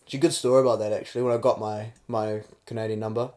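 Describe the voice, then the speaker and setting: A man's voice: lowish voice, little pitch movement, a little mellow. Rambling young New Zealand man. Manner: fast, rambling storyteller, acts out quotes. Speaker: podcast co-host. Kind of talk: crude comedic banter.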